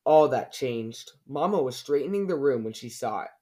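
A man's voice: mid-range voice, expressive, moderate pace, warm tone. Man reading a children's story.

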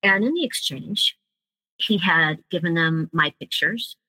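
Bright, dry-voiced woman telling her story. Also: on the low side, a little slow, breathy edge, dry recording, rough recording. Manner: earnest, vivid storytelling. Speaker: guest. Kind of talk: personal story in interview.

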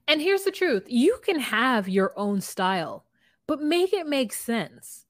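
A woman's voice: high voice, big pitch swings, slow pace, dry recording, clean studio sound. A woman co-hosting a podcast in casual chat, opinionated and telling stories. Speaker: podcast co-host.

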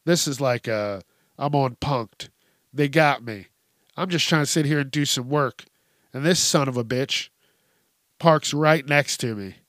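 A man's voice: on the high side, fairly bright tone, no echo, clean studio sound. A man hosting a podcast, telling a profane, exasperated comedic rant in casual talk. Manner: profane, ranting, exasperated storytelling. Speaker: podcast host.

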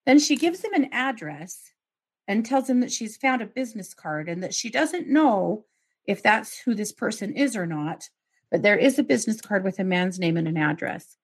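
A woman's voice: medium pitch, animated, moderate pace, husky. A woman hosting a podcast, retelling a true crime case and acting out the quoted calls with outraged asides. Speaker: podcast host.

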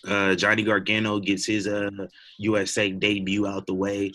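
A man's voice: on the low side, completely flat delivery, moderate pace, sharp tone. A young man co-hosting a podcast, chatting casually and rambling with lots of fillers and laughs. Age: young adult. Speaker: podcast co-host. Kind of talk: casual wrestling chat.

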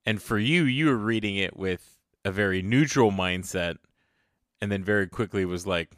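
A man's voice: lowish voice, moderate pace, a bit bright, clear, resonant tone, dry recording, studio quality. A man co-hosting a podcast in casual chat, laughing often and giving short reactions. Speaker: podcast co-host.

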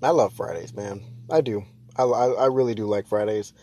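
A young man in a casual vlog rant, talking fast and loose with lots of fillers and restarts. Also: fairly low pitch, dry recording. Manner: ranting, exasperated, jumps to loud mock shouts.

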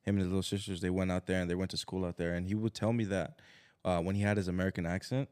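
A man's voice: low-pitched, level tone, rapid-fire, darkish tone, smooth. A man co-hosting a casual podcast, easygoing, starting with hesitant "uh" and "I mean" before telling a story. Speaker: podcast co-host.

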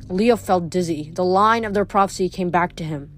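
A woman reading a novel aloud in a steady, expressive narration. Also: on the low side, moderate pace, hardly any pauses, soft background music. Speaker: audiobook reader.

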